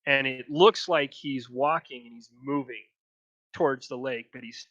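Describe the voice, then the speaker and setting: A man acting as game master for a tabletop game, narrating scenes very slowly. His voice is bright and tense, coming over a dull, lo-fi chat line that sounds dry. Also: mid-range voice, no echo. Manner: slow, descriptive narration.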